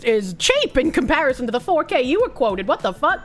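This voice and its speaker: Brief: high-voiced Boston woman streamer, casual and foul-mouthed, faint music underneath. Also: fairly quick, few pauses. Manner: profane, giggly, animated. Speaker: livestreamer. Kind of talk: casual chat reading donations.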